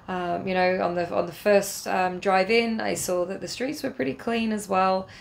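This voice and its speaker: A woman's voice: medium pitch, steady tone, normal speed, gravelly, slight background noise. An English woman telling a casual, rambling travel diary with many fillers and restarts, earnest and a little spiritual. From England. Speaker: travel vlogger.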